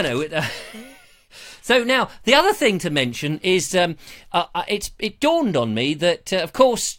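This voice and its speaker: Chatting into a lavalier mic, a livestream host with a slightly high, fairly bright voice keeps things casual. He jokes, rambles, and drifts into silly voices.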